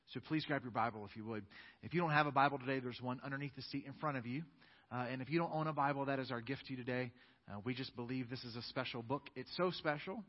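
A man preaching a sermon as pastor in a church sanctuary, earnest and emphatic, building his points up with force. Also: medium pitch. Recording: dull sound with long church-hall reverb.

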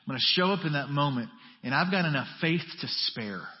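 A fairly high-voiced man preaching in a church sanctuary, talking with his congregation more than at them. He swings from quiet, intimate asides to raised, urgent emphasis. The sound is a bit dull and trails off in a long hall reverb. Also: expressive, a little fast. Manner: conversational preaching with wide swings from hushed to emphatic. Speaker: pastor. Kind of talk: sermon.

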